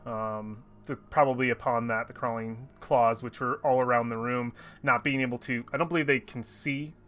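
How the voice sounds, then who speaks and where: A man's voice: mid-range voice, steady tone, normal speed, fairly bright tone, soft background music. A man running a tabletop game as game master, explaining rules with frequent ums while he checks his notes.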